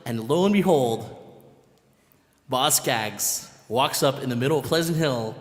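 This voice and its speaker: A man from a band telling a lively story in casual chat, laughing and acting out what people said. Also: medium pitch, a little slow. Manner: animated, laughing, acts out quotes. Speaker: band member, musical guest. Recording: long hall reverb.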